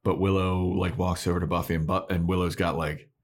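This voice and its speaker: A man's voice: fairly quick, vocal fry. A man co-hosting a podcast, casually recapping a TV episode and acting out characters' lines. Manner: animated retelling, acts out lines in high falsetto voices. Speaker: podcast co-host.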